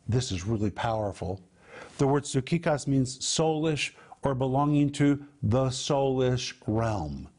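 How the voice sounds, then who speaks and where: A man's voice: mid-range voice, a little mellow, breathy edge. A man teaching on a televised Bible program, emphatic, breaking down Greek words one at a time and drawing out key words for emphasis.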